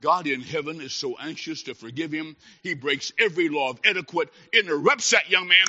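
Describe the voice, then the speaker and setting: A man preaching a sermon, telling a story dramatically and swinging from hushed tones to shouting. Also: a little high, fairly quick, hardly any pauses. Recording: dull lo-fi recording.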